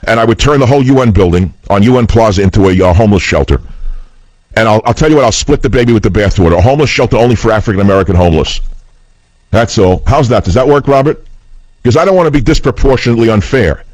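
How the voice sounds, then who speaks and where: A man's voice: lowish voice, animated, fast, darkish tone, no echo, poor audio. A man hosting political talk radio, speaking in a combative, scornful and emphatic way.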